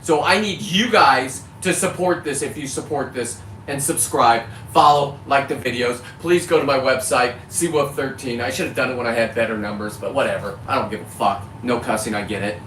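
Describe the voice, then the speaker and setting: Barely pausing, a mid-range, fairly bright-toned man from California rants heatedly to camera at a normal speed, cursing and then correcting himself about it. He's a fisherman vlogger, recorded on a distant mic in an echoey space with faint background noise.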